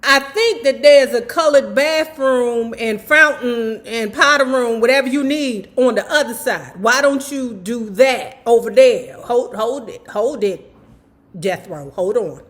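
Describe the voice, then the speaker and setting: A woman's voice: a little high, a little slow, lightly acted. A woman voicing a fussy little old white lady from the South who coaxes and soothes. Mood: soothing. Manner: coaxing, calls people baby and son.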